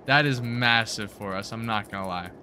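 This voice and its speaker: A young man hosting a gaming video, giving excited let's-play commentary and cheering his team on with slangy outbursts. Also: lowish voice, normal speed, a little hiss or hum. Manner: hyped, yelling at the game, slangy.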